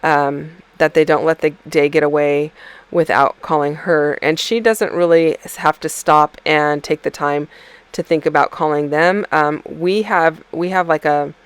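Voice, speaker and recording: A woman's voice: sits low, fairly even intonation, unhurried, smooth, no echo. A woman casually narrating her scrapbooking process in a chatty, rambling way, with lots of ums and self-corrections. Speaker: scrapbooking video creator.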